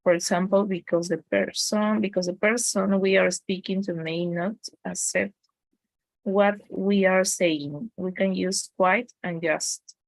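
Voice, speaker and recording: Woman, slow halting reading, gravelly voice. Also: mid-range voice, steady tone, dry recording, poor audio. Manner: reads aloud haltingly, restarting words. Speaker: student.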